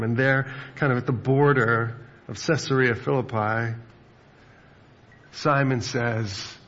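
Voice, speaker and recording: A man's voice: medium pitch, fairly even intonation, measured pace, gravelly, fairly bright tone, lo-fi sound, slight background noise. A man preaching a sermon as pastor, in a conversational way with fillers and friendly asides.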